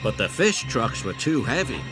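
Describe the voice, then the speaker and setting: A man's voice: mid-range voice, moderate pace. A man narrating a children's storybook expressively, with music behind him. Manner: expressive, animated. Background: background music.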